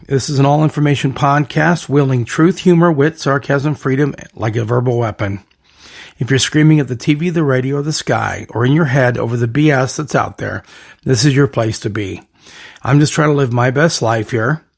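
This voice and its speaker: A man's voice: medium pitch, moderate pace, creaky. Rambling, hyped-up male podcast host. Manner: rambling, energetic hype with catchphrase lists. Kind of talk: casual podcast monologue.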